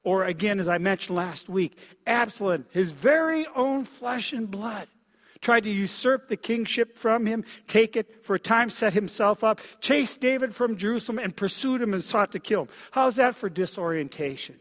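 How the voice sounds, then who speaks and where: A middle-aged man from Minnesota preaching a sermon as pastor, reflective and halting, with frequent fillers and soft dips in his voice. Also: sits high, animated. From Minnesota, USA. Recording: long reverb of a large hall.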